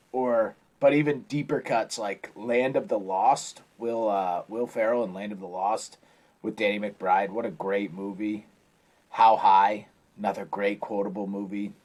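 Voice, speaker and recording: A man's voice: lowish voice, a little mellow. Casting: podcast co-host, man, easygoing and teasing, quotes comedy movie lines. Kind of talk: casual chat.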